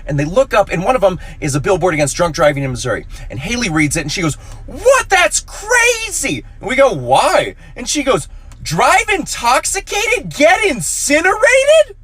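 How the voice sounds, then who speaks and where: A young man spins comic anecdotes with a lively, swooping delivery, his pitch bouncing all over and popping into high squeaks when he quotes someone. He sits close to a dry, deadened mic with no room sound. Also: quick pace, few pauses, breathy edge, no room sound. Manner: animated, playful storyteller with sudden high squeaks for quoted voices. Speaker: comedian. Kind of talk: storytelling comedy clips.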